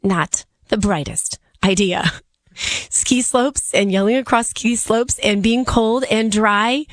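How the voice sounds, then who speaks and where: A middle-aged woman with a raspy voice, hoarse from laryngitis, filling in as a radio talk host with a chatty, earnest, pleading manner. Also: mid-range voice, takes it slowly, no echo.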